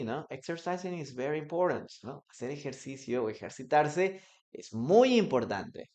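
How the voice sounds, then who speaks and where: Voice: mid-range voice, expressive, fairly quick, darkish tone. An English teacher from Peru, giving a casual bilingual lesson and acting out short example dialogues, often tagging explanations with "no?". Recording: slightly dull lo-fi recording.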